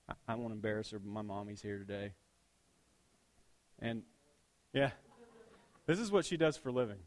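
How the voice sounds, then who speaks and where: A man preaching a sermon to his congregation, joking one moment and dropping to a near hush the next. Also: mid-range voice, very animated, a little fast, long pauses. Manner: swings between punchy loud lines and hushed intimate ones. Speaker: pastor.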